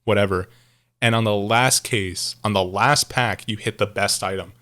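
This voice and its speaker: A man with a fairly low voice chats loosely on a podcast. He rambles, circles back to the same points, and laughs easily, dropping the odd swear word. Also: steady tone, moderate pace, a bit bright. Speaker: podcast co-host. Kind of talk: casual chat.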